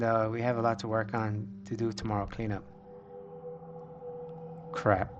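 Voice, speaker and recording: Low-voiced man muttering through a game. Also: monotone, normal speed, long pauses, highs cut off, faint music behind. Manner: reads story text with light voiced quotes between muttered reactions. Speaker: gameplay streamer. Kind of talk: casual gameplay commentary and reading game text aloud.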